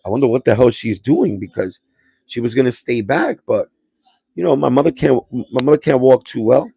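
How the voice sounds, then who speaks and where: Dry, streetwise Puerto Rican-born storyteller. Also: male voice, medium pitch, moderate pace, creaky, warm tone, slightly rough, dry recording. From Puerto Rico. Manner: rambling, streetwise, with restarts and slang. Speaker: livestream host. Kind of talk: casual livestream storytelling.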